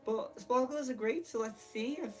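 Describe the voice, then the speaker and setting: A woman hosting a spiritual livestream from her room, giggly and excitable, laughing often, speaking to a camera set far across the room. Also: on the high side, normal speed, faint music behind. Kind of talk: casual livestream chat. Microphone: camera mic from across the room.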